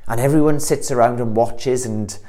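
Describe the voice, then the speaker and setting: A man preaching a sermon, earnest, swelling louder and slower on the key words. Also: medium pitch.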